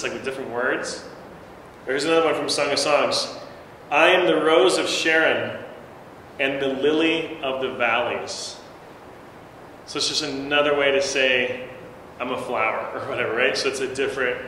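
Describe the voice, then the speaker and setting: Teaching a casual church Bible class, this man talks in a loose, conversational style, often restarting and using fillers. His voice is a little high, with a bright, pushed quality, and the recording carries the long reverb of a very echoey room plus faint noise.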